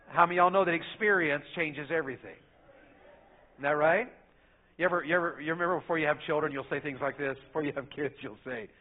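A middle-aged man, preaching a sermon in a folksy storytelling way that swings between loud and soft. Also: a little high, fast. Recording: phone-like narrow sound.

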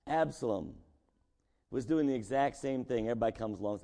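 A man's voice: mid-range voice, fairly quick, vocal fry, dark tone. A man preaching a sermon as pastor, talking casually and asking his congregation rhetorical questions. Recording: long echo of a large hall.

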